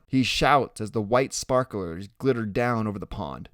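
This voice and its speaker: A man reads a first-person audiobook with bright, ringing tone and a voice that swings widely up and down. His telling is animated and expressive, recorded close and dry. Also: fairly low pitch, moderate pace, few pauses, no echo. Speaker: audiobook narrator.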